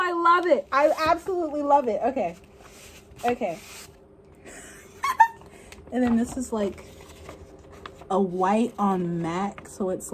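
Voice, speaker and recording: Squealing young woman with very lively pitch. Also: a little hiss or hum. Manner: squealing, gasping, fangirl outbursts. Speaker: vlogger unboxing an album. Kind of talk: excited unboxing commentary.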